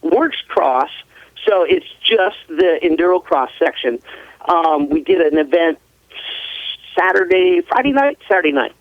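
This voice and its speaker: A man's voice: a little high, unhurried, no room sound. A man, an ATV racer from the US West Coast, telling stories as a guest in a casual interview, laughing often. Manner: laughs often, rambling, animated. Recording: tinny phone line.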